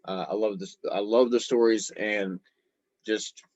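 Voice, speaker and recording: Husky man giving a casual devotional talk. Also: on the low side, steady tone, a little slow, darkish tone, dry recording, lo-fi sound. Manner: informal, speaks directly to viewers as "guys". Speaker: host of a faith and football show.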